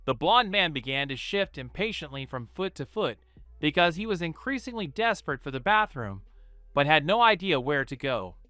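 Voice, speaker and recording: A man narrating a fan fiction story in an even storytelling read. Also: a little high, moderate pace, no echo, clean studio sound.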